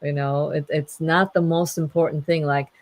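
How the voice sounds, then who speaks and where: Woman, casual chat, playful, teasing, laughs a lot, low-ish voice, dry close recording. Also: flat delivery, normal speed, dry recording. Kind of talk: casual conversation.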